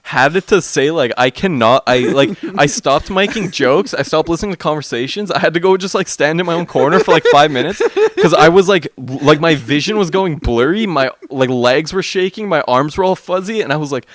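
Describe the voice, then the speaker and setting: A man's voice: a little high, animated, brisk, few pauses, fairly bright tone, no room sound, studio quality. A man from Canada co-hosting a stream, rambling through a profane story in casual chat with many fillers. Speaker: stream co-host.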